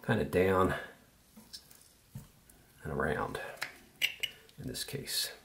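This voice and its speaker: A man's voice: deep voice, extremely slow, creaky, fairly bright tone, a little hiss or hum. A man giving an easygoing, step-by-step tutorial while he works, thinking aloud as he goes. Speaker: woodcarving instructor.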